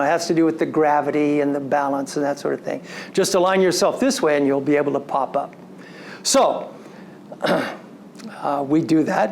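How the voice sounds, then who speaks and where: A man giving a storytelling lecture to an audience, recounting a personal story in an animated way and slipping into quoted dialogue. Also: on the high side, gravelly, slight background noise. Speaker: story coach.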